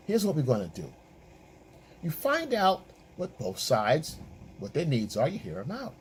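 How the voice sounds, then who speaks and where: This relationship and dating coach delivers opinionated commentary that is emphatic, repetitive and preachy. He speaks at a measured pace in a slightly high, breathy voice with huge pitch swings.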